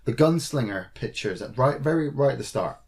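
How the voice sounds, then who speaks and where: A man at an ordinary middle pitch chats loosely on a podcast. He curses freely and acts out the people in his story with lively put-on voices. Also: brisk. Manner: swears a lot, acts out characters in animated retellings. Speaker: podcast co-host. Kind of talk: casual gaming chat.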